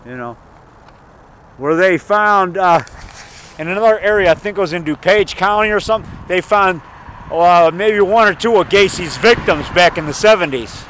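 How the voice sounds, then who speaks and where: High-pitched and fairly bright, a man walks viewers through a riverside forest preserve at a moderate pace, with slight background noise. The indie horror filmmaker's tour vlog rambles as he chatters enthusiastically, repeats himself, and chuckles.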